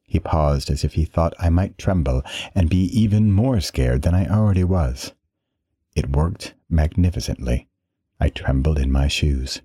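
Super deep dark husky guy reading a story, dry close sound. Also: dry recording. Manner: dramatic, measured storytelling. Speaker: narrator. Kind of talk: first-person story reading.

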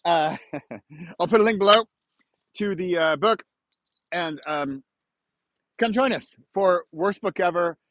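A man's voice: high-pitched, takes it slowly, long pauses, fairly bright tone, dry recording. A man talking casually about his books and courses while out walking his dogs, rambling and self-amused. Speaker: author and online course creator. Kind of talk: casual walk-and-talk vlog. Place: outdoors. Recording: dry, slightly dull lo-fi audio.

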